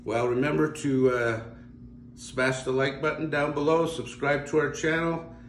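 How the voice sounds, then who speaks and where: An older man, a grandfather, reading a children's picture book aloud with a chuckling, lively manner. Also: a little high, measured pace, roomy sound, slight background noise. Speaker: grandpa storyteller.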